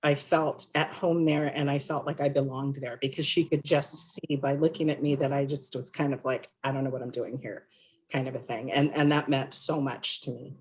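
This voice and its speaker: A woman's voice: rumbling low, fairly even intonation, moderate pace, few pauses, a little mellow. A woman on a panel, telling a personal story in an earnest, emotional way. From Latina and Filipino heritage. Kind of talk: panel discussion.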